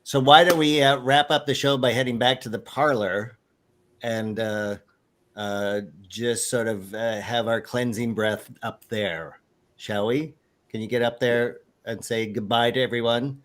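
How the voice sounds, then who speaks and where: A man's voice: medium pitch, steady tone, measured pace, fairly bright tone. A man with a mid-range voice hosts a live paranormal show. He guides the team in a friendly, easygoing way and uses lots of uh's and filler words. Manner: friendly, guiding, filler-heavy. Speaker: show host.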